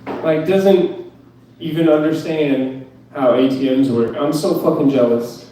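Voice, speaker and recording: A young male comic ranting in a profane, disbelieving, self-mocking way about his life. His voice sits a bit high and has a mellow, soft edge. The sound is roomy and echoey, as if picked up from across a small club. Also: a little slow, distant mic, slight background noise. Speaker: stand-up comedian. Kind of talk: stand-up set at an open mic. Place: club stage.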